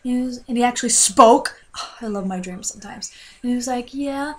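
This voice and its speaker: A woman's voice: fairly high pitch, quick pace. A young woman, probably a teen, casually rambling through a dream story, with lots of "like" and fillers, and a runny nose. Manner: chatty, lots of fillers, animated voices in quotes. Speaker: vlogger.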